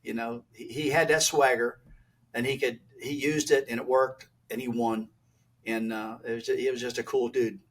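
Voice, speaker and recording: An older man, a retired race driver, telling animated stories as a podcast guest and acting out old exchanges in a blunt, folksy way. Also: medium pitch, normal speed. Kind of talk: animated storytelling.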